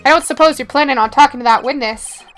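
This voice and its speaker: Woman reading a blustering cop who says pal a lot, high and bright. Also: fast. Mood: bossy. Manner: bossy, calls everyone pal. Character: gruff blustering male police detective.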